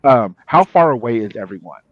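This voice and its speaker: A man's voice: medium pitch, expressive, a little fast, lo-fi sound. A man playing a tabletop game, thinking aloud and trailing off as he decides. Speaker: player. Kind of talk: casual chat while playing.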